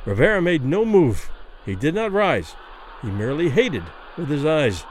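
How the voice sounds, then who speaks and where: A man narrating a classic short story as a vivid, expressive dramatic reading. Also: a little high, normal speed, a little hiss or hum, rough recording.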